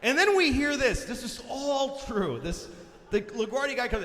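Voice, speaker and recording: A man's voice: very high voice, very animated, moderate pace, a bit bright. A male stand-up comedian telling a story in an exasperated, sarcastic way on a large concert hall stage. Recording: live concert hall, long reverb, audience noise.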